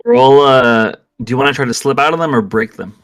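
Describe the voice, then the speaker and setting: A man's voice: medium pitch, fairly quick. A man narrating a tabletop role-playing game as game master, describing the action steadily.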